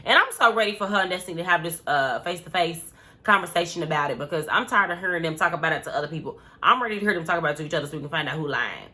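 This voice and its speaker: A woman's voice: deep voice, lively intonation, racing, sharp tone. Chatty opinionated woman recapping reality TV. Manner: chatty, opinionated, slangy with many fillers. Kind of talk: casual recap commentary.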